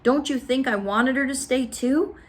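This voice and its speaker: A woman reading aloud, voicing a gentle, sad preacher father who speaks quietly and softly. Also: high voice, normal speed, pitched above the performer's own voice, natural voice. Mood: soft, weary. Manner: soft, quiet, subdued.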